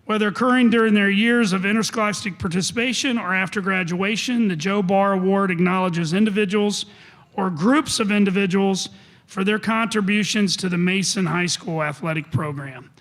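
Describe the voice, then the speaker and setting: A man's voice: high voice, moderate pace, fairly bright tone. A man presenting an award, reading out a formal introduction of the winner. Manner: formal, announcing.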